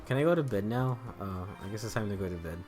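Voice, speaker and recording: Lively, rambling man at play. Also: lowish voice, fast talker, over music. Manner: rambling, joking, laughs often, swears. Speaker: let's play host. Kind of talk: casual gaming commentary.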